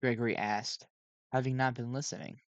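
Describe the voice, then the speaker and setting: A man's voice: mid-range voice, steady tone, brisk, no room sound, lo-fi sound. Stumbling, self-correcting man reading aloud. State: sleep-deprived. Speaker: fan reader. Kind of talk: unedited storybook reading. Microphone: cheap home microphone.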